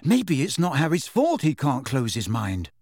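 Ron, a slow, brooding teen boy, read by a man. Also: on the high side, big pitch swings, darkish tone, no room sound. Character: suspicious, stubborn teenage boy wizard. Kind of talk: audiobook character voice.

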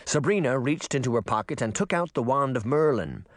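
Expressive man reading an audiobook. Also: medium pitch, brisk, no echo, studio quality. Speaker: narrator.

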